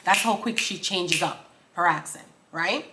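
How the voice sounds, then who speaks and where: A young woman casually explaining song lyrics in an animated way. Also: fairly low pitch, a little slow, heavy background noise. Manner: animated, quoting lyrics in a rhythmic chant, laughing. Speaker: song breakdown host. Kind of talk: casual reaction commentary.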